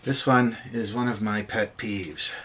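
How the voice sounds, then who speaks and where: Bright-voiced male language tutor. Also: on the low side, steady tone, a little hiss or hum. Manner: emphatic, repeats sounds slowly for drilling. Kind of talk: pronunciation lesson.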